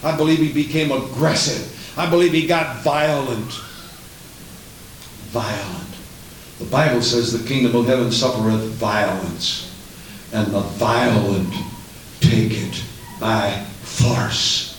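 An older man preaching an impassioned sermon in a church, swinging between booming and hushed. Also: steady tone, takes it slowly. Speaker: pastor. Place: church sanctuary. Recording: echoey church with faint hiss.

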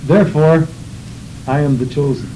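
Fervent high-voiced male preacher. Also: fairly even intonation, moderate pace, noisy background. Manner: fervent, rhythmic preaching with scripture reading. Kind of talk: sermon.

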